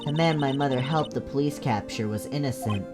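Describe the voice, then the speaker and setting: A woman's voice: extremely low pitch, fairly quick. A woman streamer casually reading all the game's dialogue aloud in her own voice, joking between lines. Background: game music.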